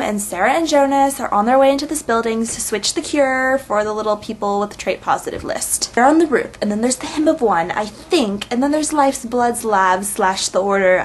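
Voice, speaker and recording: A woman casually recapping a web series episode, chatty and sarcastic, full of "like" and quick eye-rolling asides. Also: a little high, slight background noise.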